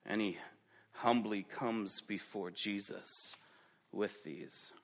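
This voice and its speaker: A man preaching a sermon who asks the congregation direct questions and moves between loud emphatic stretches and quiet ones. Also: on the low side, slow, vocal fry. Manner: dynamic preaching, rising loud then dropping to quiet. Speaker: pastor.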